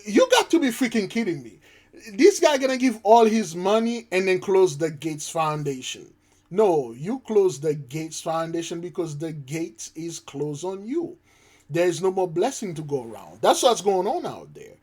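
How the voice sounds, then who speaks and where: A man talks through the news in a loose, rambling commentary, hammering his points home again and again. His voice sits a little high for a man. He speaks emphatically throughout. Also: animated, unhurried, a little mellow, slightly rough. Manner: rambling, emphatic, repeats himself. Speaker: channel host. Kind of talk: casual spiritual commentary.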